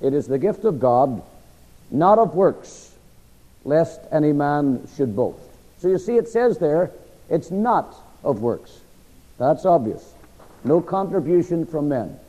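A middle-aged man teaches scripture in a sermon style, his voice mellow but animated and a little thick with a frog in his throat. He keeps tossing questions to the congregation so they can finish his lines. It comes from a lo-fi recording with long reverb from the church hall. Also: on the high side, slow pace. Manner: asks the audience to fill in words. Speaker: preacher teaching a Bible class.

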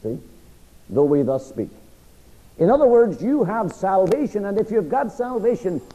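A middle-aged man teaches scripture in a sermon style, his voice mellow but animated and a little thick with a frog in his throat. He keeps tossing questions to the congregation so they can finish his lines. It comes from a lo-fi recording with long reverb from the church hall. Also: high-pitched. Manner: asks the audience to fill in words. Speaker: preacher teaching a Bible class.

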